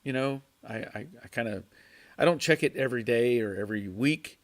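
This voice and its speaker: Male host of a casual garage livestream, mid-range pitch, halting and repetitive delivery with frequent chuckles. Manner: halting, restarts and repeats words, chuckles often. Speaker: livestream host reading viewer chat. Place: home garage.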